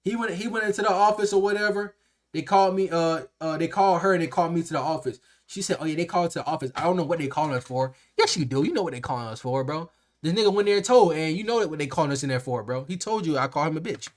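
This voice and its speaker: A young man casually telling a workplace story to camera, animated and slangy, acting out the people in it. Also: on the high side, fast talker. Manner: animated, slangy and profane, acts out quotes.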